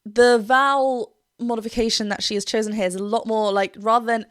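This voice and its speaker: A woman's voice: fairly high pitch, fairly even intonation, a little fast, hardly any pauses, smooth, no echo, studio quality. A woman vocal coach giving a reaction and analysis commentary, explaining technique and breaking into short sung demonstrations.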